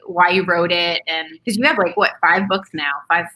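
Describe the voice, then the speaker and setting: A woman hosts a casual video interview, full of enthusiasm and quick laughter. Her voice sits low for a woman yet rings bright and forceful. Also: steady tone, a little hiss or hum, poor audio. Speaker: host.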